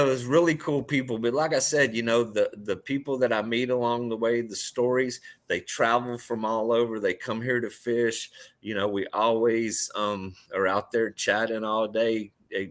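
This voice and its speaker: A man who guides fishing trips chats loosely about the people he meets on the water. His voice sits a bit low, and he speaks in a relaxed, halting way with plenty of fillers. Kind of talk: casual chat.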